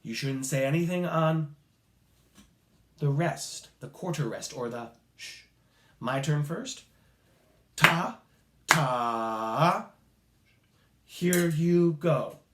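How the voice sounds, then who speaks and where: Playful male music teacher, slow sing-song. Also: fairly high pitch, a little mellow, reverberant, slight background noise. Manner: playful, clapping and chanting rhythm syllables, sing-song. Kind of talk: call-and-response rhythm lesson for children.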